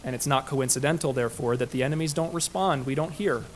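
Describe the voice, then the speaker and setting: A man's voice: medium pitch, fast, slight background noise. A man preaching a sermon as pastor, emphatic, his intensity rising and falling.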